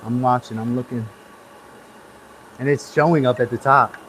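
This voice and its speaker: A man's voice: mid-range voice, steady tone, moderate pace, a bit bright, a little hiss or hum, low-quality recording. Easygoing man hosting a live stream. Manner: rambling, easygoing, gives hands-on tips. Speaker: livestream host. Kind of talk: casual live-stream chat.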